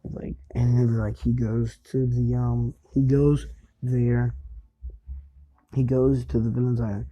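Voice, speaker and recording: A man's voice: medium pitch, flat delivery, unhurried. A young man casually retelling a fan story in a rambling way. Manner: rambling, full of fillers and restarts. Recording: dull lo-fi recording.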